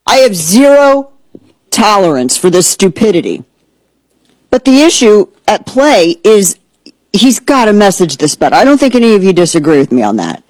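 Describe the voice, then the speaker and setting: A woman hosting political talk radio, heated and blunt, with a sarcastic edge. Her pitch sits in the middle range. The sound is dry and close to the mic. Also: sing-song, moderate pace, a little mellow, no echo, poor audio. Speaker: radio host.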